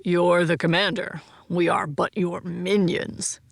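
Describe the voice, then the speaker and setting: A woman's voice: lowish voice, little pitch movement, slow pace, creaky, no echo, studio quality, heavily acted. A woman narrator voicing a joking young man who speaks in an overly pompous, teasing way. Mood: mock pompous.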